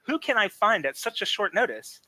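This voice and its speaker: A man's voice: sits high, big pitch swings, brisk, bright, forceful tone, no echo, exaggerated voice. A man voicing a polite, fretful flying hero with a genteel, courteous way of talking. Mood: hurried.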